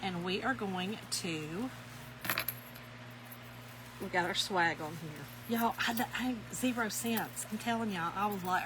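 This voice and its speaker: A woman's voice: medium pitch, slow, long pauses, background noise. A middle-aged woman, chatting folksily to viewers while demonstrating a craft and telling a funny story. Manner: folksy, giggly, addresses viewers as y'all. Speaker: craft tutorial host.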